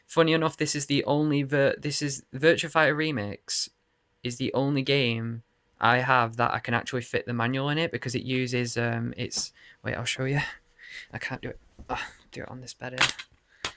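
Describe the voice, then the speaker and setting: A man's voice: mid-range voice, little pitch movement, normal speed, fairly bright tone, no echo. A man rambling casually to camera in his bedroom about his game collection, laughing and swearing often. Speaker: video game collector showing his cases.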